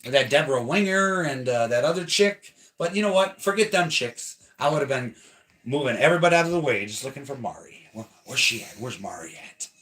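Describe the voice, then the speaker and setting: Excitable man with a bright, lively voice. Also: medium pitch, fairly quick. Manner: excitable, playful, bursts into loud shouting. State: out of breath. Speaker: channel co-host giving a house tour. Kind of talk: live-stream chat.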